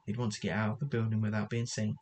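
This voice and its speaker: Low, flat-voiced man reading a story. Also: quick pace, a little hiss or hum, rough recording. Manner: reads with frequent stumbles and self-corrections. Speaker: narrator.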